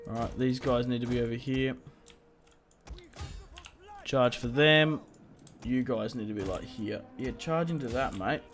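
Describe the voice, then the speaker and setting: A man's voice: mid-range voice, a little slow, long pauses, faint music behind. A young man giving casual gameplay commentary, chatting and muttering orders to his troops as he plays. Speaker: gaming video creator.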